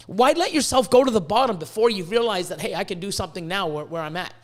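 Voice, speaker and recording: A man hosting a casual podcast, rambling and swearing as he tells animated stories, hot and sweating in his room. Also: high voice, fast, hardly any pauses. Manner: profane, rambling, animated storytelling. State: sweating, overheated. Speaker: podcast host, reptile breeder. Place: hot indoor room with a fan.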